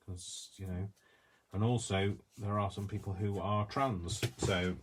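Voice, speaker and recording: A man's voice: on the low side, a little mellow. A man hosting a crafting video, chatting in a rambling, self-deprecating way as he works. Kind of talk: casual chat while crafting.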